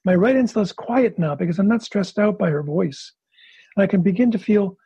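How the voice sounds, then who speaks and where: A man's voice: sits high, normal speed, dark tone, husky, no room sound, dull audio. A male therapist explaining his method and acting out a couple's session. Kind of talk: explanatory talk with role-play demonstration.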